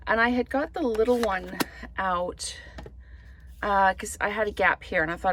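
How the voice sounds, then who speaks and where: Chatty woman with a gravelly voice. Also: medium pitch, normal speed, a bit bright, a little hiss or hum. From Canada. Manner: chatty, thinks aloud while crafting. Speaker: papercraft demonstrator. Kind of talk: casual card-making tutorial.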